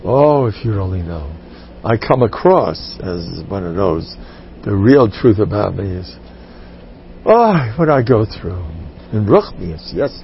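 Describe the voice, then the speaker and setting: Gravelly, animated rabbi telling stories. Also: male voice, lowish voice, slow pace, lo-fi sound, a little hiss or hum. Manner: animated, jumps into character voices. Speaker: rabbi and teacher. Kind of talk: humorous inspirational talk to a group.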